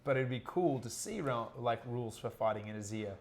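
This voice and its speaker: A man hosting a laid-back livestream, talking in an animated, joking way and reading out viewer comments. His pitch sits in an ordinary middle range for a man. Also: a little fast. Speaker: livestream host. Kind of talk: casual chat on a livestream.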